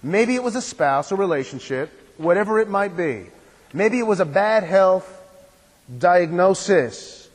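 A man preaching a sermon as a pastor, repeating his phrases and asking the congregation rhetorical questions. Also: sits high. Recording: long hall reverb.

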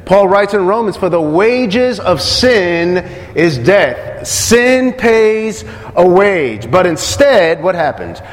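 A man's voice: high voice, big pitch swings, slow, long reverb tail. A man preaching a sermon, asking the congregation questions and repeating key phrases.

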